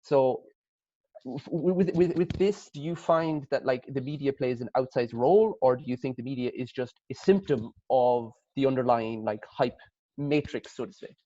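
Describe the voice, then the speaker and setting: Irish male panelist, mid pitch, dry dull call audio, musing questioner. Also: normal speed, dark tone, no echo. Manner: thoughtful, rambling questions with restarts. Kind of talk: casual conversation on a video call.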